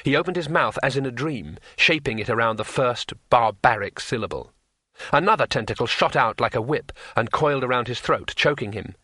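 A man narrating a fantasy audiobook in a measured, dramatic storytelling manner. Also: mid-range voice, animated, pushed and bright, no room sound, studio quality.

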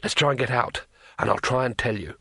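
A man's voice: medium pitch, a little fast, gravelly, a bit bright, husky, dry recording, clean studio sound. A man doing a jumpy, panicky wizard. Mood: frantic. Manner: tense, hissing and urgent.

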